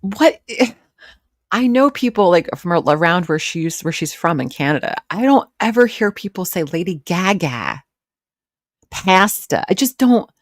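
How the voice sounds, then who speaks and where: A woman's voice: fairly low pitch, very animated, normal speed, no room sound, studio quality. A woman hosting a live reaction stream, mocking and swearing as she comments. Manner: sarcastic, profane, mocking.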